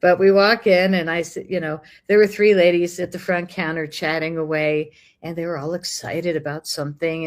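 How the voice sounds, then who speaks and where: A middle-aged woman from the United States telling a personal story in casual conversation, acting out the voices of people she met. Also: lowish voice. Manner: lively, animated, acts out dialogue. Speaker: guest.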